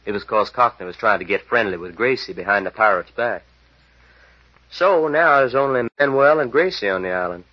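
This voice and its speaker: An actor playing a brash, easygoing young pilot sidekick with a breezy, slangy manner and a husky voice, in 1940s radio acting style. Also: male voice, on the low side, expressive, moderate pace. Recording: dull old radio broadcast.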